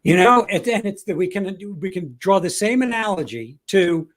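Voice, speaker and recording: High-voiced man drawing business lessons. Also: animated, normal speed. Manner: coaching tone, spells out the lesson. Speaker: podcast co-host. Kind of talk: casual chat.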